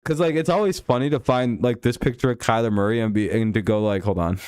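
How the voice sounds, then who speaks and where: A man's voice: mid-range voice, fairly even intonation, quick pace, darkish tone, smooth, dry recording, studio quality. A man hosting a live stream, casually chatting with viewers while commenting on a football game, rambling, laughing often and swearing freely.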